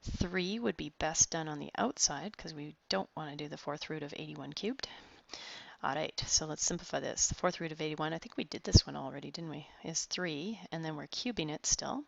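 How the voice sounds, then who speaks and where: A woman's voice: low-pitched, gravelly, sharp tone, no room sound. A woman math tutor talking students through problems step by step, encouraging them as she goes. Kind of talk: online math lesson. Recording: dull, dry close recording.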